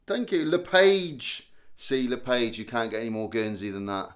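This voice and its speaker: A man's voice: mid-range voice, a little slow. Chatty self-mocking man. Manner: chatty, self-mocking, reads viewer names aloud. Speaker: live stream host. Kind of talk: casual live-stream chat reading comments.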